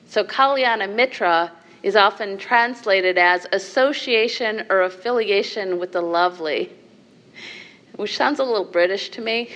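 A woman teaching as a meditation leader, giving a dharma talk to a group in a measured way, with soft laughs and asides of "right?". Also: mid-range voice, vocal fry, highs cut off.

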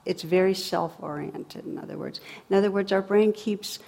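A woman giving a reflective talk on meditation in a relaxed, conversational way, with dry sarcasm and frequent laughs. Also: medium pitch, normal speed, creaky, breathy edge.

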